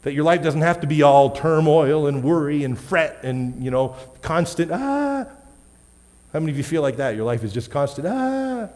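This pastor's voice is on the high side and a little mellow, with fairly even intonation; he talks a bit fast and barely pauses. In a church hall with long reverb, he gives a casual sermon, questioning the congregation and correcting himself with gentle laughter.

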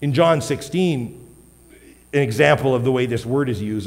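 The pastor's voice sits at medium pitch and moves at normal speed. Preaching casually in a reverberant church hall, he asks the congregation questions and fixes his own wording with a light laugh.

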